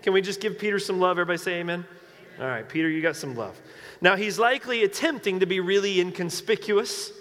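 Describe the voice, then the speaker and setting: A man preaching a sermon to a congregation, animated and emphatic, with joking asides. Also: high voice, quick pace. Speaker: pastor. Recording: long hall reverb.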